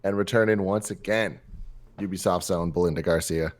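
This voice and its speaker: Male host, low-ish register, enthusiastic and chatty. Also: fairly even intonation, moderate pace. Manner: upbeat, gushing, runs show plugs. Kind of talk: casual podcast chat.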